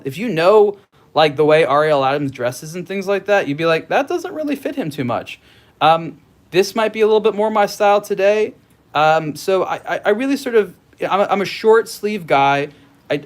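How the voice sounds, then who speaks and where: A middle-aged man hosting a casual livestream from home, reading viewer comments and rambling as he thinks aloud, with many restarts. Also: high voice. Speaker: host.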